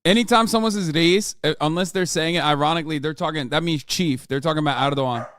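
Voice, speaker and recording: A man's voice: fairly high pitch, fast talker, slight background noise. Profane, sarcastic man in his thirties, from Turkey. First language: Turkish. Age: 30s. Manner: profane, sarcastic, laughs loudly at chat. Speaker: streamer and political commentator. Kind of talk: casual livestream commentary reading chat.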